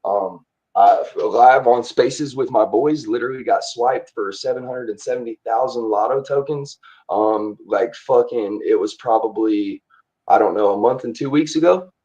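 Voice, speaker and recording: A man's voice: mid-range voice, moderate pace, dark tone, rough recording. A man talking casually on a live audio chat, rambling and hesitant with many fillers and restarts.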